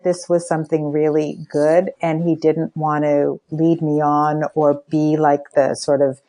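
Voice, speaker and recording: A woman's voice: low-pitched, a little slow, poor audio. An older woman, a guest on a podcast, telling a personal story with energy and acting out the dialogue she quotes. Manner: animated storyteller who acts out quoted dialogue. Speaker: podcast guest, spiritual coach. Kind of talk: storytelling in a casual interview.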